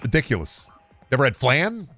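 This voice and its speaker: A man's voice: mid-range voice, big pitch swings, moderate pace, a bit bright, soft background music. A male streamer in casual live-stream chat, ranting sarcastically and swearing.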